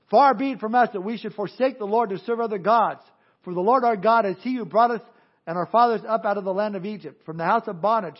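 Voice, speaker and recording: High-voiced animated male pastor. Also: lo-fi sound. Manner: animated, acts out crowd voices, drops to hushed earnest tones. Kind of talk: sermon.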